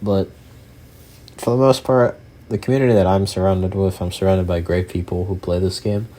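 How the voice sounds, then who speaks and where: A man's voice: sits low, fairly even intonation, normal speed, dark tone. A young man hosting his own gaming channel, chatting casually over gameplay in a rambling, filler-heavy way with casual swearing.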